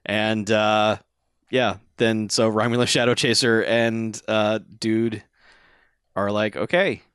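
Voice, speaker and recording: A man's voice: fairly low pitch, little pitch movement, slow, a bit bright, clear, resonant tone, no room sound. A man co-hosting a podcast, chiming in with laid-back, dry remarks while recapping a movie. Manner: laid-back, dry asides and short agreements. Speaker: podcast co-host. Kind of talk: casual movie recap chat.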